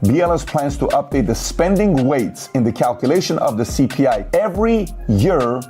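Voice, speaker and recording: Podcast co-host guy, mellow voice, calmly explaining numbers, bit of music under it. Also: mid-range voice, normal speed. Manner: steady, walks listeners through numbers. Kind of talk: explanatory commentary.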